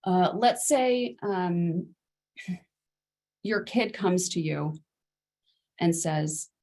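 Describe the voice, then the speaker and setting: Vrouw die ouderschapsles geeft. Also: female voice, lowish voice, animated, very slow, a little mellow. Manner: conversational, acts out parent and child quotes. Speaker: parenting coach. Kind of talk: spoken masterclass lesson.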